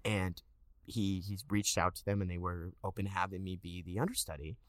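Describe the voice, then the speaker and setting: A man's voice: brisk, no echo, studio quality. A man in his thirties, an actor, chatting casually in an interview and acting out quotes as he tells stories. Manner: animated storyteller, acts out quotes in a higher voice. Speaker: actor guest.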